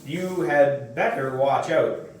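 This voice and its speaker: A sneaky schoolboy bully teases in a half-whisper, voiced by a man reading aloud. The delivery is slow and unhurried. The recording sounds roomy and echoey, picked up from a distance. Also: medium pitch, a little hiss or hum, natural voice. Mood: taunting. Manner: whispery, teasing. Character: sneaky taunting boy bully. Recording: echoey room, far from mic.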